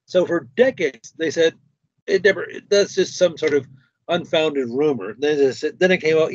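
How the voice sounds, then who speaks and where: A man's voice: a little high, moderate pace, no echo, lo-fi sound. A man hosting a stream, chatting casually and retelling a story with other people's words. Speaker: stream host. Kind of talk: casual conversation.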